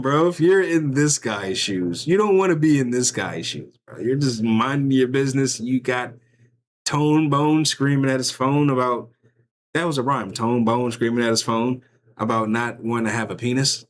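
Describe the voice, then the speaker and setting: A man's voice: medium pitch, lively intonation, normal speed. A man giving loose, joking, slang-heavy commentary on video clips, often acting out what bystanders might be thinking. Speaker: reaction streamer. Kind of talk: casual commentary reacting to clips.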